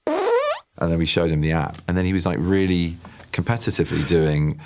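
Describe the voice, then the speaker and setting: An English man telling stories as an interview guest, lively and laughing, slipping into voices. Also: low voice, moderate pace, background noise. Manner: animated storyteller who laughs a lot and puts on voices. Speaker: actor guest. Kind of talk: casual interview chat.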